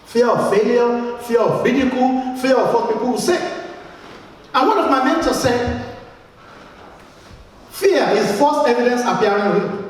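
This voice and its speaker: A Nigerian-accented man giving a motivational speech to a live audience, emphatic, repeating words and asking the crowd questions. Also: high-pitched. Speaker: motivational speaker. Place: large event hall. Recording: echoey hall, voice from far off.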